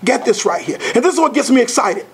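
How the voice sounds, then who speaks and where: A man giving a motivational lecture as a sales trainer, talking fast with a passionate, preacher-like delivery. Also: extremely high pitch, lively intonation, a little hiss or hum. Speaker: sales trainer speaking at an academy.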